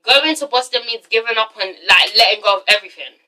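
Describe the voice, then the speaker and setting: A woman's voice: fairly high pitch, quick pace, pushed and bright, far from the mic, low-quality recording. A woman doing a casual vlog recap of a TV episode, sassy and swearing freely as she talks straight to her viewers. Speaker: TV episode reviewer.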